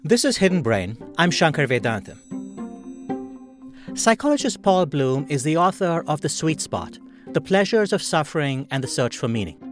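A man's voice: fairly high pitch, big pitch swings, normal speed, soft background music. A man hosting a podcast, interviewing a guest in a thoughtful, conversational way. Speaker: podcast host.

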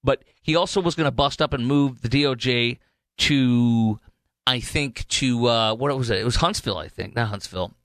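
A man's voice: medium pitch, moderate pace, fairly bright tone, dry recording. A man hosting a political talk radio show, rambling animatedly with many fillers and restarts.

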